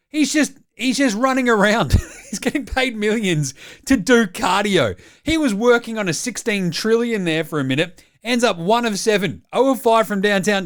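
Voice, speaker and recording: An Australian man hosting comedic sports highlights, with cheeky, mocking banter. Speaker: host.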